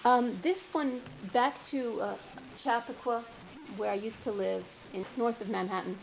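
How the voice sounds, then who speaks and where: An older woman recites her own poetry in a bookstore, taking her time over each line, her voice set a little high. Between poems she drifts into relaxed, friendly asides. A faint hum of the room sits underneath. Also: vocal fry, rough recording. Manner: slow, measured recitation with asides. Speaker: poet reading her own work.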